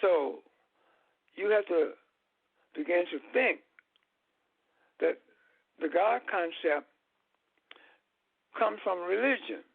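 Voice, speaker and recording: A man who is a guest on a call-in show, explaining his views slowly and deliberately, with many halting pauses. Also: sits high, lively intonation, gravelly, husky, no echo. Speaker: guest speaker. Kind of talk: lecture-style talk on a call-in show. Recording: tinny, dry phone line.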